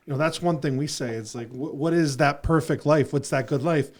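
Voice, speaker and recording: A man's voice: a little high, brisk. A man hosting a podcast, talking in an earnest, rambling way with many fillers. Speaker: podcast host. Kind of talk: reflective casual conversation.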